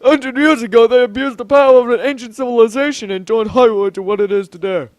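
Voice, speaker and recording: A man's voice: very high voice, fast, no room sound. A man voicing a stern, distrustful old male fish-folk advisor who scolds indignantly.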